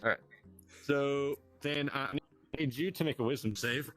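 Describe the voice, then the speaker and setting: A man narrating as game master, halting with many fillers and laughs. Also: mid-range voice, a bit bright, soft background music. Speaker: dungeon master.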